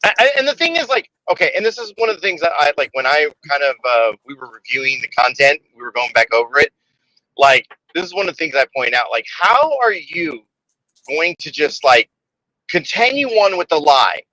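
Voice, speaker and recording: A man's voice: on the high side, sing-song, a little fast, bright, forceful tone, no room sound, low-quality recording. A man in casual livestream chat, ranting emphatically with lots of swearing.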